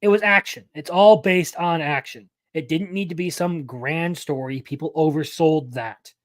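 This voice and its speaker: A man's voice: fairly high pitch, normal speed, no echo. A young man hosting a live anime news stream, talking casually and rambling, often correcting himself mid-sentence.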